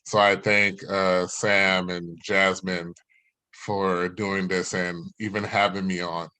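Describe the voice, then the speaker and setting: Man, stand-up comic, bright open tone, loose rambling delivery, laughs at his own lines, video call. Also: sits low, little pitch movement, takes it slowly, smooth, no echo. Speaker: stand-up comedian. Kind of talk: stand-up storytelling.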